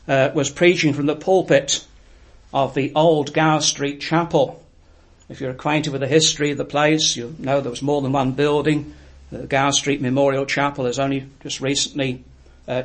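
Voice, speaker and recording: A man preaching a sermon, telling a story in an earnest, reflective way with frequent pauses. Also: medium pitch.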